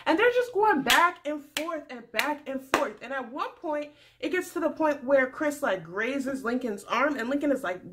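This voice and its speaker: A young adult woman recapping a reality TV episode in a sassy, animated casual vlog. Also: high voice, normal speed, hardly any pauses, slight background noise. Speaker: recap vlogger.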